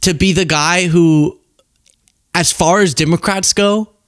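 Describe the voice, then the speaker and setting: A young man hosting casual political commentary, animated and jokey, laughing at his own rhymes. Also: sits high, slow pace, no room sound, studio quality.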